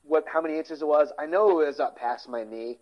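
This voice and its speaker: A man's voice: fairly high pitch, a little fast. Man, forties, casual podcast co-host, rambly, lo-fi sound. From Philadelphia area. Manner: rambling, self-interrupting, trails off quietly. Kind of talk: casual chat.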